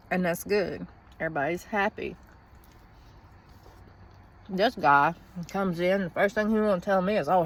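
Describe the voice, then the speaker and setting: A woman with a drawl vents in a loose, rambling monologue. She is blunt and profane, with a voice pitched in the middle range. She records from inside a parked vehicle. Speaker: vlogger. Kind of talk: casual venting monologue.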